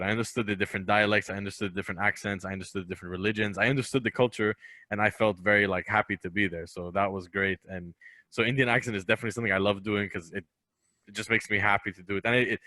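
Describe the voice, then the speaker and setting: A man's voice: fairly low pitch, sharp tone, dry recording. A man from Lebanon, a comedian guest on a podcast, talking in an emphatic, opinionated way and repeating phrases for weight. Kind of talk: casual podcast chat.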